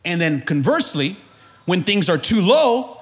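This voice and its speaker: High, lively-voiced preaching pastor. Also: male voice, measured pace. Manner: preaching with rising shouts and humor, call-and-response. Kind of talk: sermon.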